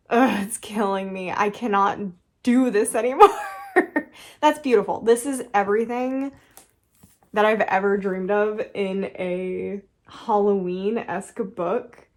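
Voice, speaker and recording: Gushing young woman unboxing books. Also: mid-range voice. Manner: gushing, excitable, quick laughs. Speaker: book vlogger. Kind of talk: casual unboxing chat.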